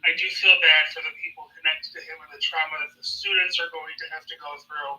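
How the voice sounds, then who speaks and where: A man's voice: a little high, level tone, quick pace, bright, forceful tone, distant mic. A man speaking as a guest in a live political talk, rambling, emphatic and blunt, recorded in a roomy space away from the mic. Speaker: guest creator.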